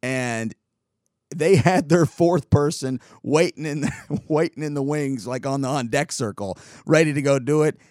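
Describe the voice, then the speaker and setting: A man hosting a show, telling a story in a sarcastic, animated way with quick asides. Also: fairly high pitch, no room sound, studio quality. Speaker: podcast host. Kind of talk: casual storytelling monologue.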